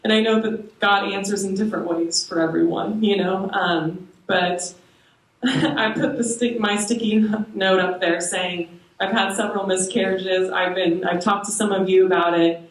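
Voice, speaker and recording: A young woman sharing a personal faith testimony with a small moms' group, hesitant, with frequent ums and soft laughs. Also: mid-range voice, steady tone, moderate pace. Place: church meeting room. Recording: echoey room, voice from far off.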